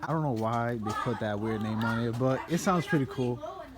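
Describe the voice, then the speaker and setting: A young man with a medium-pitched, expressive voice vlogs casually outdoors at home, in his yard by his car, talking about the car at a moderate pace over crowd noise. He rambles, fills his talk with fillers, and keeps saying "and yeah."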